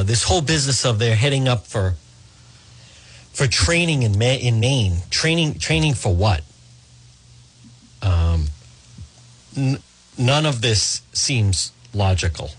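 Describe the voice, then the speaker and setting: A man's voice: mid-range voice, animated, takes it slowly, pauses often, slightly rough. A man hosting talk radio, commenting emphatically and addressing his listeners as folks.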